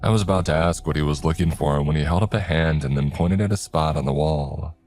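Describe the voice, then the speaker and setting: A man reading a horror story aloud in a steady first-person narration. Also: extremely low pitch, brisk. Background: faint music.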